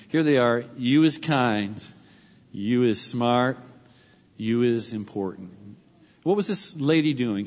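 A man preaching a sermon as pastor, emphatic and repeating his key phrases slowly. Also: mid-range voice, big-room sound, lo-fi sound.

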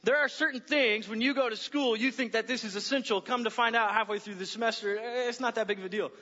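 Guy pastor with a high bright voice telling a story from the stage, animated, long church-hall echo, kinda muffled. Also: quick pace. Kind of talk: sermon with personal story. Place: church auditorium.

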